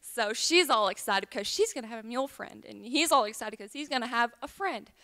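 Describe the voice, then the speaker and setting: Bright-voiced woman telling a tall tale. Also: on the high side, lively intonation, brisk. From Tennessee. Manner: chatty, rambling, with many ums. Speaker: liar's contest contestant.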